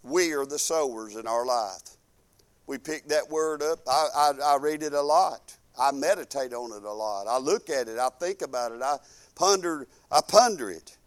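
A man preaching a sermon in a folksy, fervent way, dropping from loud proclaiming to quiet musing. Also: medium pitch, lively intonation, normal speed. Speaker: pastor.

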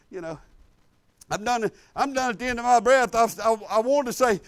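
An older man preaching a sermon, telling a funny personal story in a folksy, humorous way with low asides. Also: gravelly, no room sound.

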